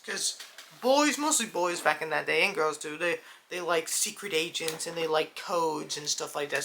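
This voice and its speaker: A man's voice: a little high, vocal fry, bright, forceful tone, a little hiss or hum. A young man hosting a casual reaction video, rambling with lots of fillers and calling the viewers "dude" and "guys". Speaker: video host.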